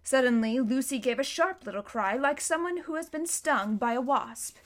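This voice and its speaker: Woman audiobook reader, fairly high voice, even and unhurried narration. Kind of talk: storybook narration.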